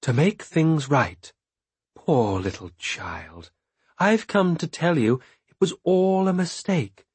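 A man's voice: fairly high pitch, expressive, takes it slowly, a little mellow, breathy edge, no echo, pitched above the performer's own voice, exaggerated voice. A man reading an audiobook, voicing a coaxing female jailer who whispers breathily to lure a child. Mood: sweetly insistent.

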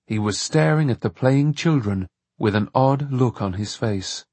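A man narrating an audiobook with lively, expressive storytelling. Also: medium pitch, unhurried, husky, dry recording. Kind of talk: scripted narration.

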